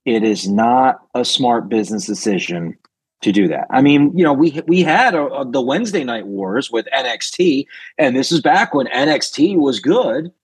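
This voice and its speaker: Husky-voiced male podcast co-host. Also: medium pitch, expressive, normal speed, no room sound, poor audio. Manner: laid-back, analytical, many "I mean" fillers. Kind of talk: casual wrestling chat.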